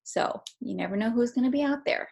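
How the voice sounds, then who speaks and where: Brief: chatty woman with vocal fry leading a team video call. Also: fairly high pitch, brisk, a little mellow. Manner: chatty, filler-heavy, casual swearing. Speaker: team leader running a call.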